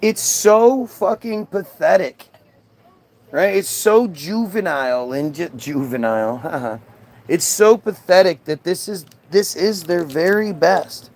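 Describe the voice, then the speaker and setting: A man's voice: high voice, slow pace, a little mellow. A man ranting sarcastically and profanely on a live stream, mocking someone in chat. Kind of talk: heated live-stream rant.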